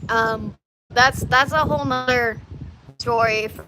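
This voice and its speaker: A woman's voice: on the high side, fairly even intonation, unhurried, background noise. A woman chatting casually to her live audience, rambling through stories with frequent restarts and asides. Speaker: livestreamer.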